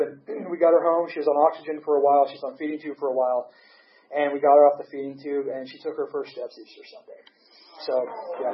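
A man in his thirties giving an emotional personal testimony about recovery, swinging from hushed to excited. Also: mid-range voice, echoey room, muffled recording. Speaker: recovering alcoholic sharing his story.

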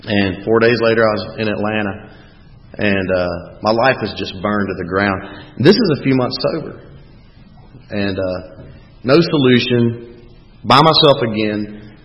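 A man's voice: fairly low pitch, a little slow. A man giving a blunt, candid and profane talk about his own recovery from drinking. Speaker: recovering alcoholic speaker. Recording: echoey hall, dull lo-fi sound.

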